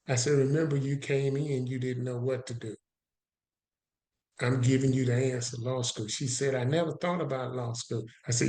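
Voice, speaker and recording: A man with a medium-pitched voice telling a story as a podcast guest. He acts out both sides of the conversations he recounts. The recording carries a noticeable roomy echo. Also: fairly even intonation, moderate pace, darkish tone.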